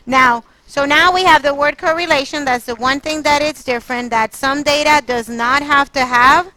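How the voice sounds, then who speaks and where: A woman teaching a math class, quizzing and coaxing her students toward the answer. Her voice sits high and sounds bright. She keeps the questions coming. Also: moderate pace, rough recording. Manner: coaxing, quizzing students, exasperated then apologetic. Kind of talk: classroom lesson.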